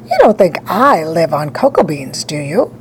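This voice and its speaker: A whimsical candy-factory owner speaks calmly and breezily, never bothered, as a woman reads his lines. His pitch moves in a lively way, and faint ambience sits behind him. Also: normal speed, slight background noise, rough recording. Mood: breezy. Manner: calm, breezy, unbothered.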